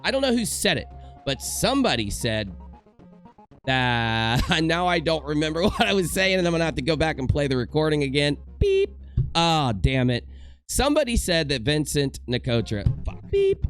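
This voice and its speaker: A man's voice: a little high, very animated, normal speed, fairly bright tone, soft background music. A young man giving a casual commentary rant from home in front of a green screen, joking and rambling with self-mocking asides. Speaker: commentary YouTuber.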